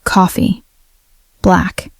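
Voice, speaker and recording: A woman voicing a cold, menacing crime boss who speaks in calm, terse phrases. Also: mid-range voice, moderate pace, no echo, studio quality, lightly acted.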